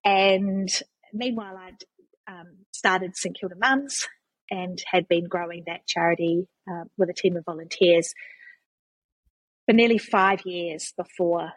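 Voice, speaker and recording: Chatty New Zealand woman guest, husky low voice, dry close sound. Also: unhurried, dry recording, poor audio. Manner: chatty storyteller with frequent restarts and laughs. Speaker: guest, charity CEO. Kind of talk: casual conversational interview.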